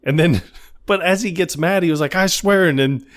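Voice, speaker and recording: A man's voice: on the high side, a little fast. A man co-hosting a podcast, recapping a film in casual chat, quoting scenes in funny voices and laughing often. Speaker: podcast co-host.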